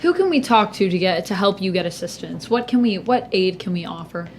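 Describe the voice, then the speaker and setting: A playful woman plays a tabletop role-playing game, chatty and quick to jump in with questions. Her voice sits at a middle pitch, with a faint rumble in the background. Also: lively intonation. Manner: playful, plays her character with a bright, gushing voice. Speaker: player. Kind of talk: casual tabletop role-play.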